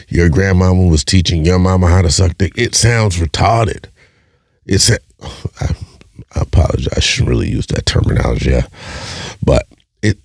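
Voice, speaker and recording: A man's voice: a bass voice, creaky, darkish tone, slightly rough, no echo, clean studio sound. A man hosting a podcast, talking bluntly and profanely, firing off rhetorical questions and repeating himself. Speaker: podcast host. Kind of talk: casual monologue.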